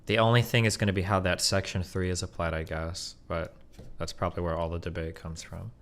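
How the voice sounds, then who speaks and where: A man's voice: deep voice, flat delivery, a little fast, a bit bright. A man in his thirties, a streamer debating in a casual, blunt, profane way and reading out bill text.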